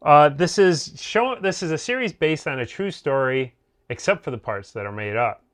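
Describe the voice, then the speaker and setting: A man's voice: on the high side, animated, normal speed, a bit bright. Rambling man chatting about a series. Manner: rambling, heavy on fillers and restarts. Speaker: co-host of a TV review show. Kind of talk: casual review chat.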